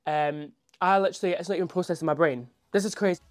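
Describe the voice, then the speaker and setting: Holding his phone up to film, a man who does drag chats excitedly in a high-pitched voice at a quick pace, with frequent "um"s and "literally"s in a casual vlog.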